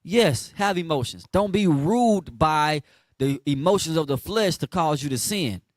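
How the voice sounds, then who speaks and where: A man preaches in a blunt, slangy street style, calling on listeners to finish each verse aloud. His voice sits a little high for a man. The sound is dry and close. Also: lively intonation, measured pace, no echo. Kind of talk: street sermon teaching.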